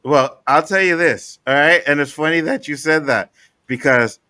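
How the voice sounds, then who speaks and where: A man co-hosting a podcast, casually telling animated stories and acting out the people he quotes. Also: on the high side, moderate pace, no room sound. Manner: animated storytelling, acts out quotes. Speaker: podcast co-host. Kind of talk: casual chat.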